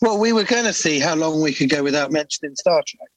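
A man's voice: a little high, lively intonation, fast talker, dry recording, poor audio. A man who works as a comedian, co-hosting an interview in an easygoing, chatty way. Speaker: comedian and podcast co-host. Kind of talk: casual interview chat.

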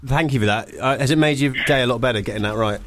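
A man's voice: mid-range voice, quick pace, fairly bright tone, slight background noise. A man hosting a radio show in a studio. He chats casually, teases guests and laughs often. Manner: teasing, joking, laughs often.

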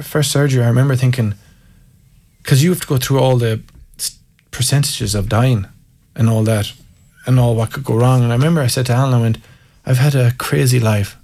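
He's a fast talker with a medium pitch and a creaky, slightly mellow quality. The man, in his thirties, is from Ireland and has an Irish accent. He's an interview guest recounting frank, self-mocking stories while laughing through them.

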